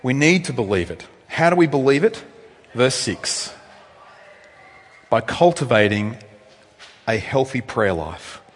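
A male pastor giving a conversational sermon with asides, swinging from loud, high emphasis down to soft, low tones. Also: expressive, measured pace, long pauses. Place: church hall. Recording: long reverb in a church hall.

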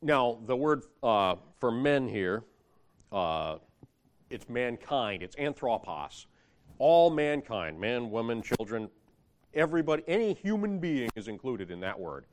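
A man's voice: mid-range voice, big pitch swings, unhurried. A man preaching a sermon, reading scripture aloud and building emphasis as he explains a Bible passage.

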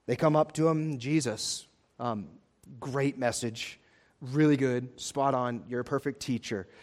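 A man's voice: mid-range voice, unhurried, voice pushed down, close to an everyday voice. A male pastor voicing the anxious disciples in a pleading, frantic way within a sermon.

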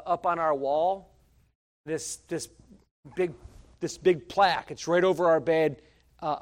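A middle-aged man preaching a sermon as a pastor, swinging from loud, emphatic lines to quiet conversational asides, repeating phrases and stumbling over fillers. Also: on the high side.

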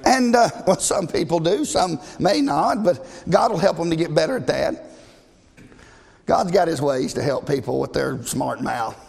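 A man preaches in a high, gravelly voice. He talks to the congregation emphatically and conversationally and keeps asking them questions. His words ring out with a long reverb through a church hall. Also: lively intonation, normal speed, darkish tone. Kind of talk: sermon.

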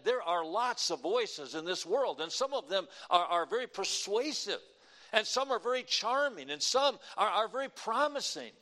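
Guy pastor, kinda high voice, homey storytelling sermon, slow and emphatic. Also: a bit bright. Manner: slow, emphatic preaching with deliberate pauses; folksy anecdotal delivery.

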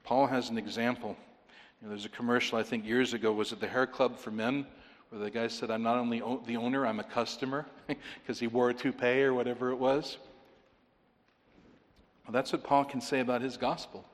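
A man's voice: mid-range voice, flat delivery, brisk. Man preaching in a reverberant hall. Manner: earnest, rising to emphatic pleading. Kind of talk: sermon.

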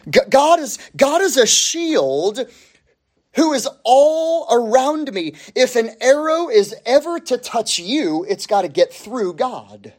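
A man preaching a sermon, emphatic, stretching key phrases out slowly and rising sharply on the points he stresses. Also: high-pitched, expressive. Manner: emphatic, with slow drawn-out phrases and sudden rises.

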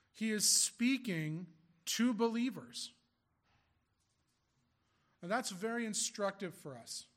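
Higher-voiced male pastor preaching conversationally. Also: a bit bright. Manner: conversational preaching with rhetorical questions. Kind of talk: sermon.

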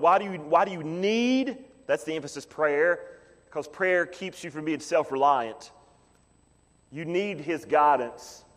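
A man preaching a sermon as pastor, emphatic, swinging from loud pleading to quiet low asides. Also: big-room sound.

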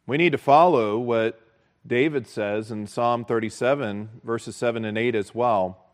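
A man preaching a sermon as pastor, earnest and measured, repeating key phrases for emphasis. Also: medium pitch.

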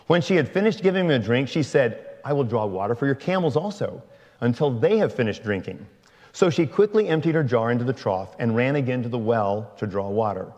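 A man reading a long scripture passage aloud in a slow, measured way. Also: mid-range voice, a little mellow, long reverb tail, dull audio. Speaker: scripture reader.

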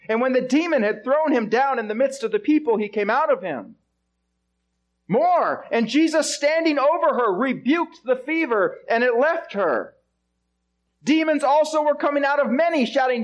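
A man's voice: extremely high pitch, animated, a little slow. A male pastor preaching an expository sermon, stressing his points and asking the congregation rhetorical questions.

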